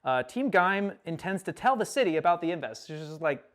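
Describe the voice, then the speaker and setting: A young man giving a casual recap lecture, animated, acting out characters' lines with sudden loud outbursts. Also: high-pitched, a little fast, hardly any pauses.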